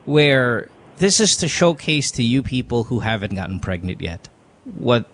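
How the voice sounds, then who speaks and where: In a medium-pitched, sing-song voice at a measured pace, a man with a Filipino accent gives casual advice on his podcast. He blends English and Tagalog, speaks bluntly, and curses heavily, with slight background noise present.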